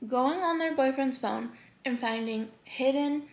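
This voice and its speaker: A young woman chatting bubbly and fast in a mukbang vlog, laughing often and reading confessions aloud. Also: high-pitched. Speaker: YouTuber. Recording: echoey room.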